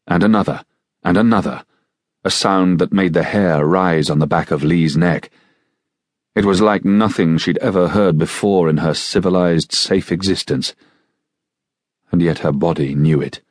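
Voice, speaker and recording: Deep husky guy reading an audiobook, steady pace, dry close sound. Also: no echo. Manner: measured, steady storytelling. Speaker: audiobook narrator. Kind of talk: scripted narration.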